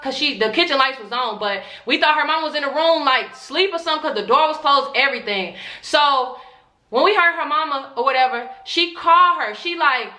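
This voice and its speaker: A young woman vlogger telling a storytime in a casual, slangy, animated way, acting out whispered quotes. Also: sits high. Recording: echoey room.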